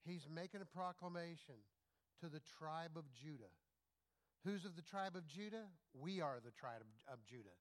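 A middle-aged male pastor preaching in a conversational way, firing rhetorical questions at the congregation and swinging between loud emphatic bursts and quiet asides. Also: on the high side, expressive, normal speed. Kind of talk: sermon.

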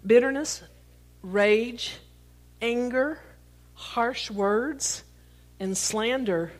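A woman with a slightly high voice speaks extremely slowly as she gives a sermon illustrated with live props. Between scripture readings she chats playfully with the congregation, joking as she catches the props.

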